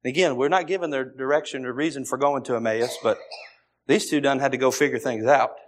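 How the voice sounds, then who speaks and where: A man's voice: mid-range voice, steady tone, brisk. A man preaching a sermon, repeating phrases and briefly acting out the voices of others.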